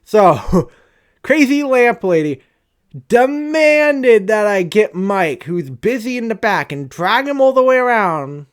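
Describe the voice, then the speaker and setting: A young man telling a profane, animated, rambling storytime rant about retail customers as a vlogger. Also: high voice, slow.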